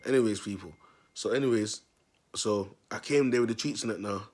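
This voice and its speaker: A man tells a long, rambling story straight to his viewers. His voice sits low and sounds rough and husky. He talks in street slang, repeats phrases and keeps asking if they get him. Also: a little fast, darkish tone. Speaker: self-styled prophet vlogger.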